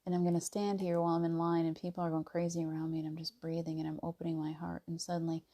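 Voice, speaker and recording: Gentle laughing woman, low mellow voice. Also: monotone, rapid-fire. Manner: laughs often, acts out inner voices; soft and gentle, drops to near whispers. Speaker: spiritual teacher. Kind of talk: casual spiritual talk.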